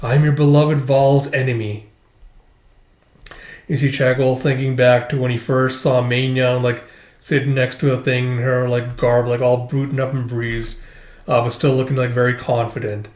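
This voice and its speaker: A man casually retelling a comic chapter panel by panel, reading out the dialogue between relaxed, filler-heavy asides. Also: mid-range voice, moderate pace. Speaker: manga reader and commentator. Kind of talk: casual manga read-through. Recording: roomy echo.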